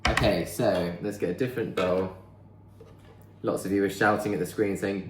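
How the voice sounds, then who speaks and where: Baking in his home kitchen, this vlogger rambles chattily and thinks out loud in a lowish voice with fairly even intonation at a moderate pace. The sound is reverberant, with a little hiss or hum.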